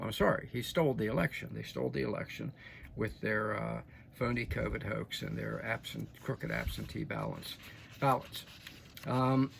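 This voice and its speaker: A man's voice: medium pitch, vocal fry, a little hiss or hum. An older man delivering opinionated news commentary to his audience in a folksy, emphatic way, often checking in with "okay?". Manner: folksy, emphatic, frequent restarts and "okay?" asides. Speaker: political commentator.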